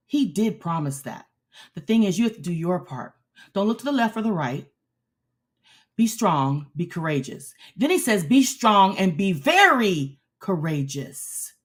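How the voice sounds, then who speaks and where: A woman host delivering a sermon, pressing each point with firm repetition. Her voice swings widely in pitch as she goes. She takes her time, leaning on every line. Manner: emphatic and repetitive, exhorting the listener. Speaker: preacher and show host. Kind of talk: preaching a sermon.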